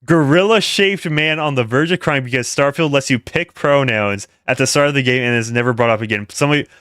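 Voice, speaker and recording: A man's voice: medium pitch, a little fast, fairly bright tone, clear, resonant tone, no echo, studio quality. A man hosting casual commentary, rambling with many fillers and asides to his viewers. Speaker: commentary host.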